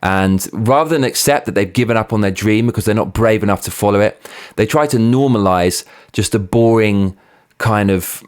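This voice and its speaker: A man's voice: on the low side, normal speed. A man hosting his own show, ranting heatedly with plenty of swearing and sarcastic mockery. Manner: sarcastic, mocking. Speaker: host. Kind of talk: opinion rant.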